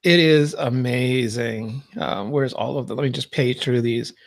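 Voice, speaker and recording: A man's voice: mid-range voice, unhurried, gravelly. A man with a Canadian accent, co-hosting a tech podcast in casual, enthusiastic chat. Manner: chatty, enthusiastic describing details. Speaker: podcast co-host.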